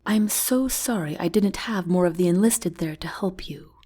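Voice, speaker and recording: A man's voice: normal speed, warm tone, breathy edge. A woman voicing an emotional old army general. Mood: tearful. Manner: effusive, tearful and booming.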